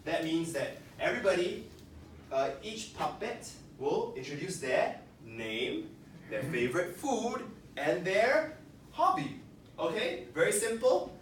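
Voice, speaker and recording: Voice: mid-range voice, slow pace, a little hiss or hum. Echoey distant workshop facilitator. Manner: animated, coaxing, asks the group questions. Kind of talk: teaching a workshop. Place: large room with a group of participants. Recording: echoey room, picked up from a distance.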